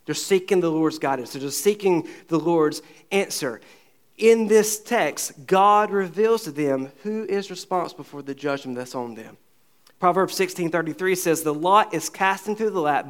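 A man's voice: fairly high pitch, moderate pace. A man preaching a sermon to his congregation, asking rhetorical questions and acting out the dialogue of the scripture story. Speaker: pastor.

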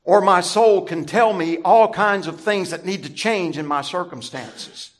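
A man preaching a sermon as pastor, deliberate and emphatic, stressing key words through repetition. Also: high-pitched.

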